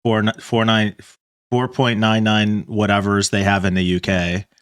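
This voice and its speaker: Low-voiced man, dry delivery. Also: little pitch movement, normal speed, clean tone, no room sound. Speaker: podcast co-host. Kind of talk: casual chat.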